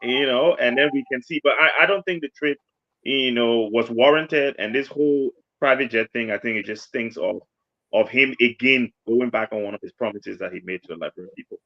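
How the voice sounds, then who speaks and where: A man's voice: medium pitch, fairly quick, no echo. A man speaking as a panelist in a political discussion, hesitant and searching for words. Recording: dull lo-fi audio.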